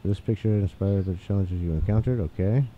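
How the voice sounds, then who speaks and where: A man casually commenting on a game he is playing, chatty and excitable, reading the on-screen text aloud. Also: sits low, brisk. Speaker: gaming channel host. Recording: tinny phone-like mic, faint hiss.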